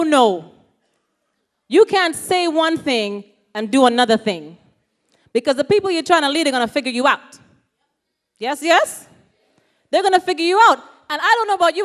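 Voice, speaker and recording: A high-pitched woman gives a motivational talk to a youth audience. She is animated and keeps calling out questions to the crowd to draw answers. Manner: animated, asks the audience questions, calls out "yes, yes?". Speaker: motivational speaker. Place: ceremony hall.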